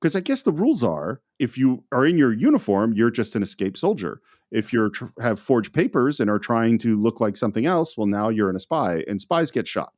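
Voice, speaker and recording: A man's voice: mid-range voice, brisk, few pauses, no echo, clean studio sound. A man co-hosting a podcast, retelling a film's plot casually, with swearing and laughter. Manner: animated, profane retelling with laughs. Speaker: podcast co-host. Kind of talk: casual film discussion.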